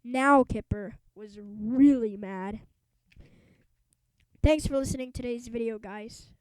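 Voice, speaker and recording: A woman reading a children's storybook aloud in a lively, expressive way. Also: a little high, takes it slowly, clear, resonant tone, dry recording, rough recording. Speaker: audiobook reader. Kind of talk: storybook read-aloud narration.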